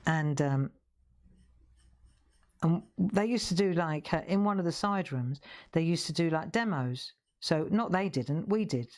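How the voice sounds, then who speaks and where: A woman hosting a live craft show, chatting as she colours. She has a fairly low voice, and she rambles through stories with easy, informal asides. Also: animated, unhurried, darkish tone. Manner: rambling, chatty storytelling with laughs. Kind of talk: casual live-stream chat while colouring.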